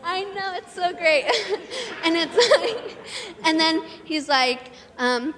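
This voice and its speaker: A woman's voice: extremely high pitch, lively intonation, slow, fairly bright tone, long reverb tail. A teenage girl student on a panel, gushing about a favorite teacher in a giggly, casual way full of "like".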